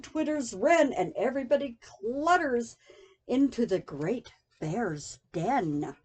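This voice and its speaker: An older woman, a grandmother, reading a children's picture book aloud in a slow, sing-song, expressive way. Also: high voice.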